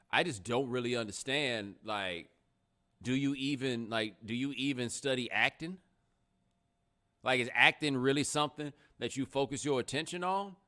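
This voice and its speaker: A man hosting a casual livestream podcast, talking in an animated, sarcastic way. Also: mid-range voice. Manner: animated, sarcastic, rising to loud exclamations. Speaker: podcast host.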